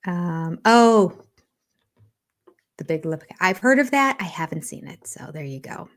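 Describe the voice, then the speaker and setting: Older woman, live-stream host, casual chat, thinks aloud, soft whispered asides, slightly low voice. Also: lively intonation, measured pace. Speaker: reality TV livestream host.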